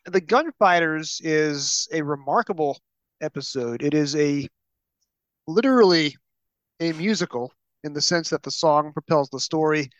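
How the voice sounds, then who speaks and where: A man's voice: fairly high pitch, no echo. A man with a New York accent hosting a podcast in casual, jokey chat. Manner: animated, quick, jokey. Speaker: podcast host. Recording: dull, lo-fi podcast audio.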